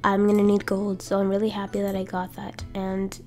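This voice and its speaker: A young woman doing excited let's-play commentary, gasping and repeating herself often. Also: mid-range voice, a little fast, soft background music. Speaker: gaming YouTuber.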